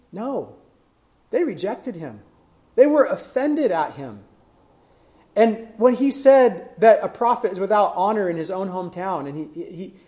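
A man's voice: sits high, darkish tone. A man preaching a sermon in an earnest way, building emphasis through questions. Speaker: pastor.

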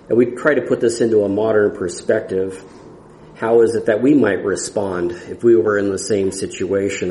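Roomy, mellow-voiced male preacher. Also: on the low side, slight background noise. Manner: earnest, halting with restarts and fillers. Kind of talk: expository sermon.

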